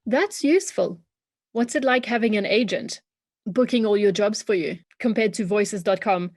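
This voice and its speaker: A woman's voice: mid-range voice, expressive, normal speed, darkish tone. A woman hosting an interview, asking brief, friendly questions. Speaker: interview host.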